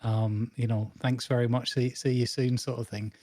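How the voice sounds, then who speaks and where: A man's voice: mid-range voice, little pitch movement, moderate pace, dark tone, dry recording. A man, co-hosting a casual chat and telling a long, rambling story full of restarts and fillers. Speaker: podcast co-host.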